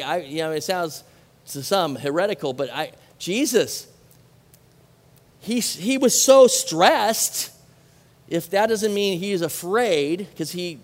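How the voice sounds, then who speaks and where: In a big, echoing space, a high-voiced, middle-aged pastor from Southern California gives an animated sermon. He keeps tossing questions at his audience, mixed with casual asides, as long reverb trails his words.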